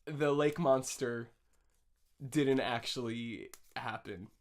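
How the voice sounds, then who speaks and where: A man's voice: medium pitch, slow pace. A male podcast co-host bantering with dry, wry corrections. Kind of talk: comedic banter.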